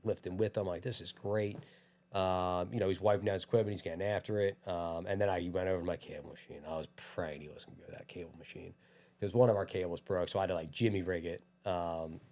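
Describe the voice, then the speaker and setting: Fast-talking man telling a story. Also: sits low. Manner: animated anecdote-telling, acts out quotes, laughs often. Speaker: gym owner, podcast guest. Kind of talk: casual storytelling.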